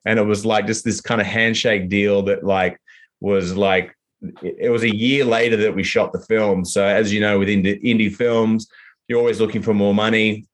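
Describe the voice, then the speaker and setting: An Australian man speaking in a fairly low voice in a relaxed interview. He rambles through his answers, full of fillers, restarts and loose asides. He sounds like an actor talking about his work. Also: moderate pace. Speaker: actor guest. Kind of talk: casual interview.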